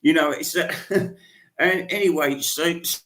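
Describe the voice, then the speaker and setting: A man's voice: on the high side, measured pace, a bit bright. A man hosting a radio show, rambling crudely through a comic monologue full of restarts and asides.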